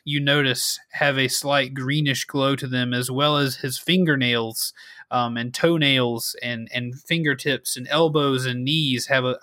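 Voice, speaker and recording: A man narrating a tabletop game on a stream as game master, hesitant and restarting often. He speaks slowly with a bright tone. The sound is dry. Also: mid-range voice, dry recording. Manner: hesitant, full of ums and restarts.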